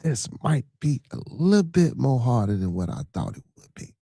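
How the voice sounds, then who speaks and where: A man's voice: medium pitch, very animated, normal speed, dark tone, no room sound, studio quality. A man hosting a podcast in casual livestream talk, reading viewer comments and news aloud, profane and repeating "you know what I'm saying.". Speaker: podcast host.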